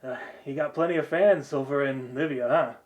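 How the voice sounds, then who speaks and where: A man voicing an easygoing, friendly male companion in a quiet, slightly lower voice. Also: fairly quick, natural voice.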